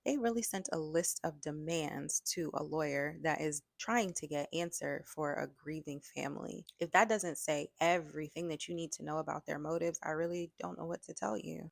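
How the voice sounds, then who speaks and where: Low gravelly-voiced woman commentator. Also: moderate pace, few pauses, dry recording. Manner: frank, exasperated, many filler words. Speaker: online commentator. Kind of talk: casual commentary vlog.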